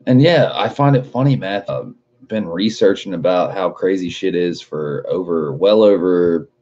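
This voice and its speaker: Deep-voiced laid-back young man streaming. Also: moderate pace, darkish tone, lo-fi sound. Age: 20s. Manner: laid-back, swears a lot, laughs often. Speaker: livestream host reading chat. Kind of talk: casual livestream chat.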